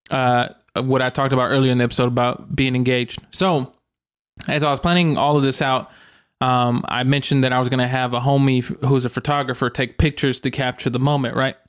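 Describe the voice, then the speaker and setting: A young man co-hosting a podcast, telling stories in a relaxed, animated way and swearing casually. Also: medium pitch, brisk, clear, resonant tone. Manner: animated storyteller, swears freely. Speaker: podcast co-host. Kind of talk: casual chat.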